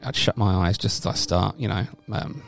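A man, co-hosting a comedy podcast and rambling through a deadpan, absurd story, with sudden loud shouts now and then. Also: on the low side, moderate pace, gravelly, soft background music. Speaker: podcast co-host. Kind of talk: casual comedic podcast banter.

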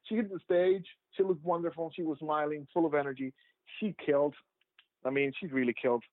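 A man's voice: fairly high pitch, fairly even intonation, a little fast, dry recording. A man who makes documentaries, telling his story in a casual, rambling way full of "like" and restarts. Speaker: documentary filmmaker. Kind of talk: casual storytelling interview answers. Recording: tinny phone-like line, dry.

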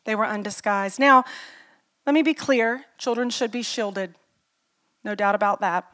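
A woman's voice: mid-range voice, measured pace, fairly bright tone, clean tone. A middle-aged woman pastor preaching a sermon in an earnest, personal way, telling stories and asking the listeners questions.

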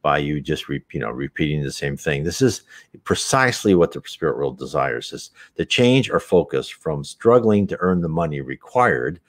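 Deep-voiced man giving a rambling spiritual talk. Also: sing-song, moderate pace. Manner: earnest, rambling with restarts and asides.

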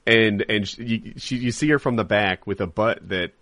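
A man's voice: lowish voice, moderate pace, fairly bright tone, no echo. A man hosting a podcast in casual, candid chat, rambling a little and laughing easily. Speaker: podcast host and live streamer.

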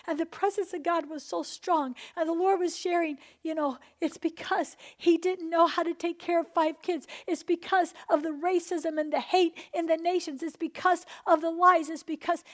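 A woman preaching a charismatic sermon, testifying with passion and swinging between hushed and loud delivery. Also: extremely high pitch, fairly even intonation, normal speed, few pauses.

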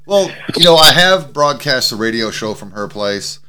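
A man's voice: medium pitch, animated, normal speed, sharp tone. A man co-hosting a podcast from his home studio, chatting casually and swearing freely. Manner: loose, profane, laughs often. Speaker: podcast co-host. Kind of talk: casual chat. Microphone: studio mic with mixing board and headphones.

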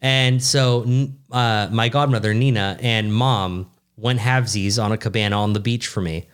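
Animated young man telling a story. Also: fairly low pitch, normal speed, smooth. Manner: animated, swearing, rambling with restarts. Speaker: podcast co-host. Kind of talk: casual storytelling chat.

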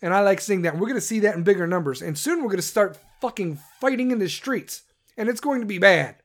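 A man's voice: high-pitched, expressive, fast talker, a bit bright. A man, a parent, delivering a heated, profane rant that keeps stumbling and restarting. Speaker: parent ranting on camera.

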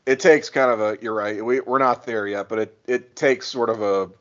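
A man's voice: medium pitch, fairly even intonation, normal speed, a bit bright, highs cut off. A man co-hosting a podcast, talking casually and thinking aloud with hedges and fillers. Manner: thoughtful, hedging, many fillers. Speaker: podcast co-host. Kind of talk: casual chat.

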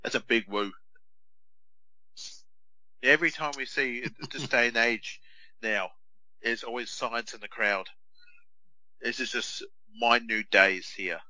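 Bright-voiced man co-hosting. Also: mid-range voice, measured pace, pauses often, dry recording, low-quality recording. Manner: chatty, slips into jokey impressions of wrestlers. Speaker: podcast co-host. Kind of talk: casual watch-along commentary.

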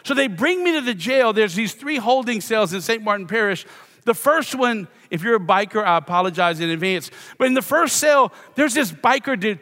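Middle-aged louisiana pastor, higher voice for a guy, joking about himself, lots of church hall echo. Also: bright, forceful tone. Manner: self-deprecating storyteller, playful asides. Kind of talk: sermon with humorous personal story. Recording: long reverb of a church hall.

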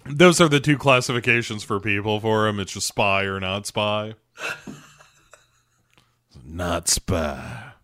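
A man co-hosting a podcast, recapping a TV episode in casual chat with animated storytelling. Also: lowish voice, normal speed, few pauses, clear, resonant tone, dry recording. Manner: animated storytelling, acts out characters' lines. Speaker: podcast co-host.

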